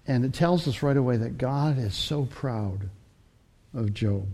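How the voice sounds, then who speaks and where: A man's voice: mid-range voice, a little slow, warm tone. A man preaching a sermon, teaching through scripture in a conversational way and often correcting himself mid-sentence. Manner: conversational Bible teaching with frequent self-corrections.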